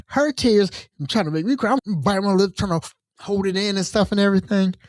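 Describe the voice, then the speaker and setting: Animated man telling a workplace story. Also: sits high, dry recording. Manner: animated storyteller acting out quoted voices; colloquial, drawn-out phrasing. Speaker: podcast host. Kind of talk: casual storytelling chat.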